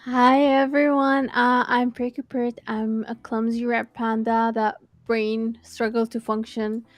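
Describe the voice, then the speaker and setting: A tired woman with a somewhat high voice speaks in a flat, level way and slurs slightly. Her jokes are self-mocking, and the sound is dry and close. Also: measured pace, no room sound. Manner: self-mocking, slurring a little. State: tired and sleepy. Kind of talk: casual group chat.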